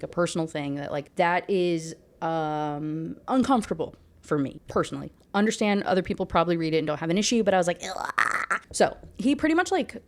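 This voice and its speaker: A woman's voice: on the low side, darkish tone. A woman giving a candid, exasperated rant review of a book, peppering her talk with "like" as she vents. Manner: exasperated, candid, heavy use of 'like'.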